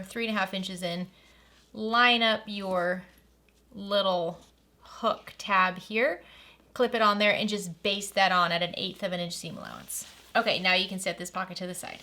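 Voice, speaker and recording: This sewing instructor speaks with medium pitch at a measured pace, her tone steady yet sharp. She guides the viewer through every stage of a sewing tutorial in a friendly, practical manner.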